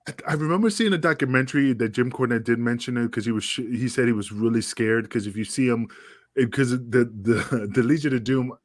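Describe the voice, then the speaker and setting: Podcast co-host, man in his fifties, rambling casual talk, mid pitch, dry sound. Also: fairly quick, no room sound. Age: 50s. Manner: rambling, many fillers and restarts. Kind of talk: casual chat.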